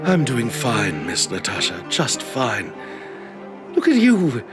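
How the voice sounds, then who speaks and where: An actor voicing a kind, courteous older caretaker in a video game, speaking slowly and formally. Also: male voice, medium pitch, wildly swooping pitch, over music. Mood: gentle. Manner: slow, gentle and formal. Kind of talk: game voice acting.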